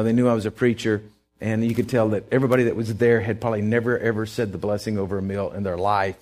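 A middle-aged preacher with a mid-range voice gives a sermon full of stories, swinging between quiet asides and loud, emphatic lines.

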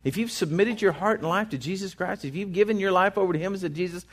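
Animated preacher man. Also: high-pitched, quick pace. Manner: folksy, animated preaching with many restarts. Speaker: pastor. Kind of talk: sermon.

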